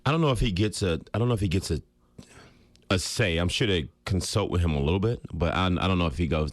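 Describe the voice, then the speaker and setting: A man with an extremely low, deep voice, chatting easily as a radio guest. He tells stories at an unhurried pace, laughs often, and sounds close and dry in the studio. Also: no echo. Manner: laid-back storytelling, laughs easily. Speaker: guest, former pro basketball player. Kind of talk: casual sports radio chat. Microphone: studio microphone.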